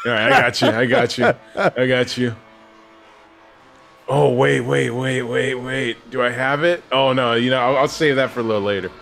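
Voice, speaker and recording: A man trades playful banter over a video game, often stumbling and restarting his sentences. His voice is mid-pitched with a gravelly texture. He keeps it loose and casual. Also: steady tone, normal speed, a bit bright, soft background music. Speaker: gaming co-host. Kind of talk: casual gameplay commentary.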